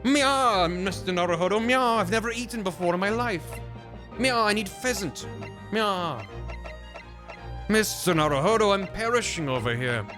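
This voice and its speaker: A man's voice: sits high, animated, moderate pace, music in the background, pitched above the performer's own voice. A man voicing an eccentric male detective who meows and pleads melodramatically for food in a game playthrough. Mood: whiny pleading.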